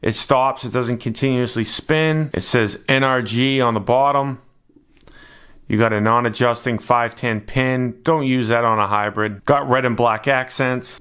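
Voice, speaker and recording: A man's voice: mid-range voice, a bit bright, clear, resonant tone. A man narrating a casual hands-on product review in a laid-back, matter-of-fact way.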